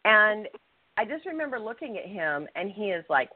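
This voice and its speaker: A woman co-hosting a podcast, telling a personal story with animated, acted-out quotes. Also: mid-range voice, moderate pace, dry recording. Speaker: podcast co-host. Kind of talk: casual storytelling. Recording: tinny phone-line sound, dry.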